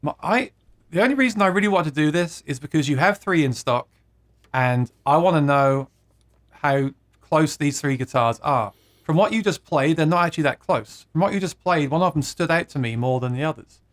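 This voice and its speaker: A chatty man hosts a live stream with a slightly higher-than-usual voice. He reads viewer comments aloud in a casual, playful way and laughs often at his own jokes. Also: animated, brisk, fairly bright tone. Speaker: host of a live guitar stream.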